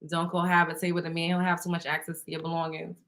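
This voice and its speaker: A woman's voice: fairly low pitch, monotone, fast talker, noisy background. A woman hosting a casual chat show, telling stories bluntly with plenty of swearing and frequent laughter. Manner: blunt, profane storytelling; laughs often while talking. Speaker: host.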